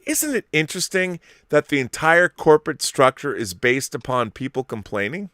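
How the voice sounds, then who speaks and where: Animated storytelling man, bright voice. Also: a little high, normal speed, no echo, clean studio sound. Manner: animated, swearing, acts out the people in his story. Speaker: podcast host. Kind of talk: casual storytelling chat.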